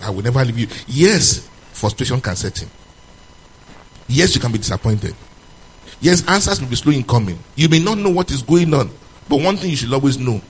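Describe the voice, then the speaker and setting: A man preaching a sermon to a congregation, moving between loud, emphatic questions and low, quiet passages. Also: a little hiss or hum, low-quality recording.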